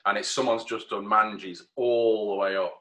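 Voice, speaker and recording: Podcast co-host guy telling stories, lowish voice, bright and forceful. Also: steady tone, moderate pace. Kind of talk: casual podcast chat.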